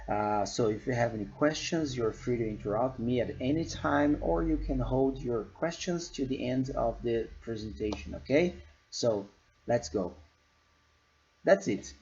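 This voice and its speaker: A man's voice: medium pitch, measured pace, a little mellow. Patient man giving English lessons, lo-fi. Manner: patient, repeats "okay?" after each point. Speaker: English teacher. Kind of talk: giving feedback on a recorded presentation.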